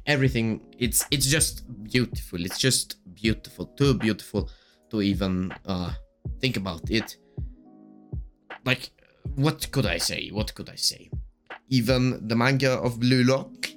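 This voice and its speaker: A man hosting a casual solo podcast, gushing and rambling with lots of fillers while his voice keeps cracking. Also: mid-range voice. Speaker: podcast host.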